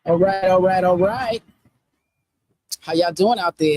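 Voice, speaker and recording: A woman with a lowish voice speaks at a measured pace as she hosts a casual livestream. She is animated and preachy, hammering her points home by repeating them emphatically.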